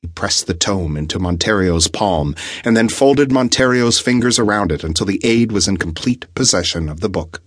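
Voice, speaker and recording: Man reading an audiobook, deep husky voice, measured and suspenseful, dry close mic. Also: expressive, no echo. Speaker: audiobook narrator. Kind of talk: scripted narration.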